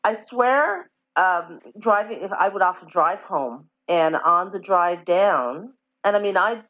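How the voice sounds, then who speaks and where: A podcast host from Newfoundland, a woman whose softened Newfoundland accent still shows. She talks quickly and casually, in a low voice. The recording is muffled and lo-fi. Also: lively intonation. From Change Islands, Newfoundland. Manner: chatty and quick, laughing between thoughts. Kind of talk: casual chat. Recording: dull lo-fi audio.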